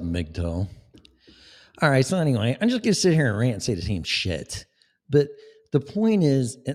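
A man's voice: medium pitch, a little mellow. A man delivering a profane, sarcastic political rant as a vlogger. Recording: long echoing reverb.

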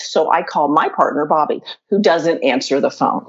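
A middle-aged woman chatting casually, telling an animated story with laughter and quoting her own thoughts. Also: deep voice, moderate pace, slightly rough, lo-fi sound. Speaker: storyteller guest.

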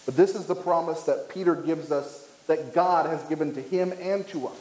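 A man preaching in a church with a fairly high voice and lots of echo around him. His delivery is emphatic, with dramatic pauses and a climbing pitch as he drives each point home. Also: a little mellow. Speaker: pastor. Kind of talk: sermon.

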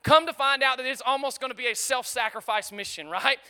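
A man, preaching a lively sermon and calling out to the crowd in an excited, chatty way during a live church service. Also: extremely high pitch, fairly quick, smooth. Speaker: pastor.

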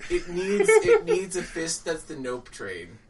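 A woman's voice: very high-pitched, huge pitch swings, a little slow, gravelly, distant mic, crowd noise. A woman from Poland in casual podcast chat, joking and laughing.

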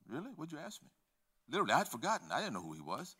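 Older man preaching, kinda high voice, bright, acts out little conversations. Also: wildly swooping pitch, rapid-fire, slightly rough. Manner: swings from hushed and low to loud and emphatic; acts out conversations in his stories. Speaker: pastor. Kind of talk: sermon.

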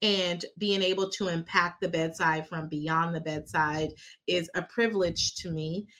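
A woman's voice: lowish voice, fairly even intonation, a little slow, a bit bright, slight background noise. A woman co-hosting a nursing podcast, a nurse educator who jokes along and then talks earnestly about teaching. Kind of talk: casual podcast banter.

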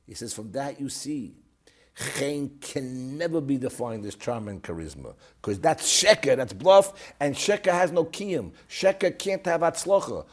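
Animated husky man telling a story. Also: mid-range voice, moderate pace. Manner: animated storytelling, swings from loud to hushed. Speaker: guest recalling his father. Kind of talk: storytelling interview.

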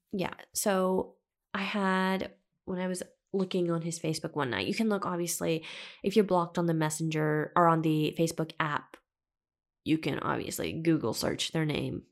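A woman's voice: fairly low pitch, gravelly. A young woman hosting a podcast, telling a personal story in a chatty, dramatic way and swearing freely. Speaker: podcast host. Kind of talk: casual storytelling monologue.

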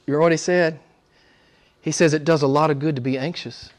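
An older man preaching a sermon, shifting from loud emphatic calls to hushed near-whispers and pressing his listeners with rhetorical questions. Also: fairly high pitch, steady tone, fast talker. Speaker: pastor.

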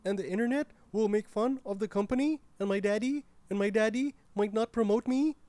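A woman voicing a smug white male ad executive, the boss's entitled son, who talks in a hesitant, deadpan way in a comedy sketch. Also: mid-range voice, dry recording, natural voice. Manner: hesitant, deadpan with drawn-out fillers.

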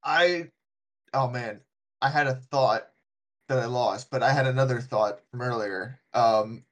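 A man's voice: medium pitch, a bit bright. A man co-hosting a podcast, casually chatting and tossing out silly ideas. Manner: throws in quick silly ideas. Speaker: podcast co-host. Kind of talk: casual comedic chat.

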